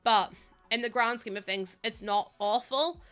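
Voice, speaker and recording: Over soft background music, a young Northern Irish woman streams a game and chats casually with her viewers, greeting them, rambling, and laughing often. Her voice is a little high and a bit bright, with a clean tone and an unhurried pace.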